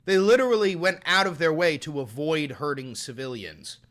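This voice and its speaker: A man giving casual, profane reaction commentary on clips and viewer chat, incredulous and swinging from muttering to shouting. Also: fairly high pitch, normal speed.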